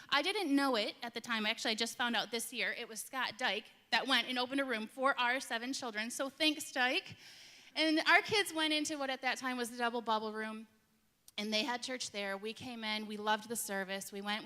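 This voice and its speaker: High bright woman telling a church story. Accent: Midwestern American. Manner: lively storytelling, acts out quoted dialogue. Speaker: middle school ministry director. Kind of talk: personal testimony to a congregation. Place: large church sanctuary. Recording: echoey hall, long reverb.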